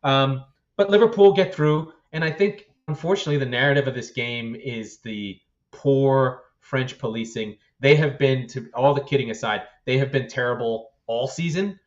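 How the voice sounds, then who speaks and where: Animated profane podcast co-host man. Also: mid-range voice, moderate pace, muffled recording. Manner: animated, profane, laughs often. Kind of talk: casual football chat.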